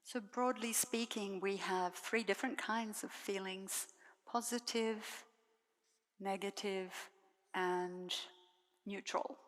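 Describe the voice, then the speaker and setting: Slow, gentle nun in a reverberant hall. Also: female voice, medium pitch, steady tone. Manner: gentle, measured, soft-spoken with pauses. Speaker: Buddhist nun giving a dharma talk. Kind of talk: dharma talk.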